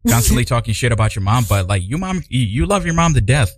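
Male co-host, animated, stumbling restarts, casual banter, dry close mic. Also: medium pitch, no echo. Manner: halting, many restarts, laughs along. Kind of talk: casual chat.

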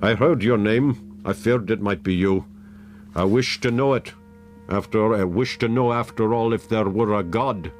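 A man's voice: fairly low pitch, unhurried, slight background noise, close to an everyday voice. A man voicing a shabby old drunkard who speaks harshly and defiantly. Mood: bitter.

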